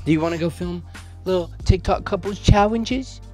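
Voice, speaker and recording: A man's voice: sits high, normal speed, music in the background. A man filming a casual family vlog with his wife, upbeat and directing her as they try things. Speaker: family vlogger, husband and dad.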